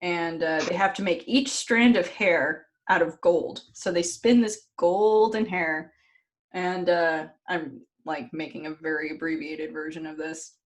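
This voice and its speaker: A woman co-hosting a podcast in casual chat, telling a story in an animated, giggly way and swearing freely. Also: lowish voice, unhurried. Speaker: podcast co-host.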